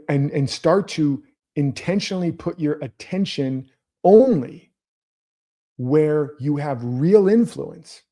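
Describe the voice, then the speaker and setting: A man's voice: on the high side, mellow. A man hosting his own show, giving earnest motivational commentary and coaching his viewers directly. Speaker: host.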